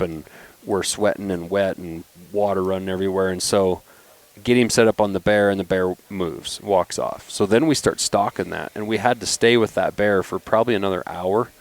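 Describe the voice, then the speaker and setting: A man in his forties with a fairly low-pitched voice, talking easily as a podcast guest. He tells stories with lots of life, slipping into the voices of the people he quotes. The delivery is loose and conversational, with natural restarts. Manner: animated, acts out quoted voices when telling stories. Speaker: knife company founder, podcast guest. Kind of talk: casual storytelling chat.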